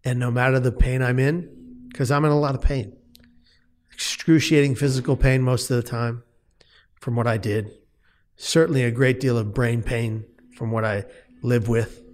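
Guy telling his own story in an interview, earnest and emphatic, stumbles and restarts, normal pitch. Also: fairly even intonation, normal speed, darkish tone. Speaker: guest speaker.

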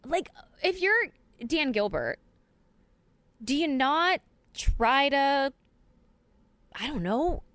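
Animated high-voiced woman talking sports. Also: extremely slow, long pauses, no echo. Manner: animated, laughs often, many fillers. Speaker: podcast co-host. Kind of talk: casual sports chat.

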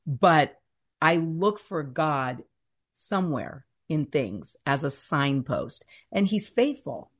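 A slightly rough, low-pitched, slow female voice belongs to a guest author in her fifties. In this faith-centered interview, she tells earnest, animated stories about faith, fear and scripture and draws out the key words.

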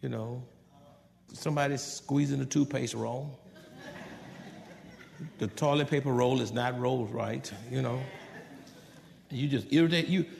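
A man preaching a sermon as pastor, swinging between hushed asides and loud, animated passages. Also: mid-range voice, unhurried, creaky, long pauses. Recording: long reverb of a large hall.

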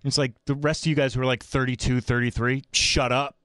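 A man's voice: medium pitch, fast talker, dry recording, studio quality. A man hosting sports talk radio, blunt and opinionated, ranting in bursts. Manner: opinionated, blunt, animated rants.

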